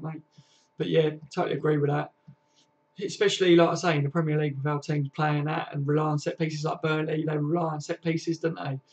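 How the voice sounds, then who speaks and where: A man's voice: a little high, darkish tone. A man hosting a casual football fan live stream, reading viewer comments and chatting in a slangy, friendly way, calling everyone mate and lads. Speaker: football fan channel host.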